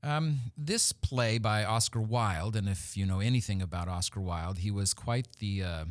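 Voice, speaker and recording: A man's voice: fairly low pitch, normal speed. Talk show guest, man, chatty and hesitant, laughs between thoughts. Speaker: theater company guest. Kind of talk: casual interview chat.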